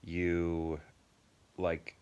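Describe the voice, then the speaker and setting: A man in his thirties co-hosting a casual chat, easygoing and quick to laugh, with long rambling explanations. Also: deep voice, completely flat delivery, a little mellow, clean tone, dull audio. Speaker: podcast co-host.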